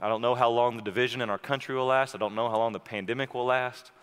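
A man preaching a sermon, telling a story and then moving into a quiet, intimate prayer. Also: medium pitch, steady tone, quick pace, clear, resonant tone. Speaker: pastor. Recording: long hall reverb.

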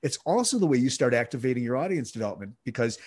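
A man answering interview questions at length in a medium-pitched voice. He explains things step by step, often pausing with "um" and restarting his phrases. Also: very animated, a little mellow. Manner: explanatory, with frequent fillers and restarts. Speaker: podcast guest expert.

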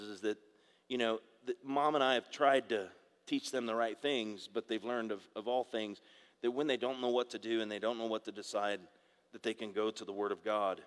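A man's voice: fairly low pitch, clean tone, big-room sound. A middle-aged man preaching a sermon in a conversational way, with asides and questions to the congregation. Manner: conversational preaching with asides and audience call-outs. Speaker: pastor.

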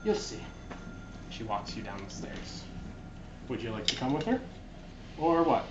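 A man's voice: medium pitch, lively intonation, normal speed. A man narrating as game master of a tabletop game, rambling and correcting himself as he goes. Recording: dull, noisy, echoey room.

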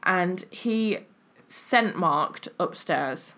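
A woman's voice: on the low side, expressive, extremely slow, sharp tone. Chatty English woman telling stories. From England. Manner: chatty, lots of likes and ums, laughs while telling stories. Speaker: podcast co-host. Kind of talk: casual chat. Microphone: webcam setup, remote call.

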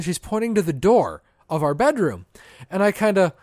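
A man's voice: high-pitched, big pitch swings, normal speed, darkish tone, dry recording, clean studio sound. Rambling man co-hosting a chat podcast. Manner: rambling storyteller with frequent restarts. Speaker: podcast co-host. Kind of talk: casual chat. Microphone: headphones, podcast mic.

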